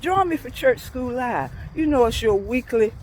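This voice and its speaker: A woman's voice: on the high side, lively intonation, moderate pace, darkish tone, a little hiss or hum, low-quality recording. A middle-aged woman, a church school teacher, giving a folksy devotional talk while out on a morning walk, chuckling as she tells stories. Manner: folksy storytelling, chuckling often.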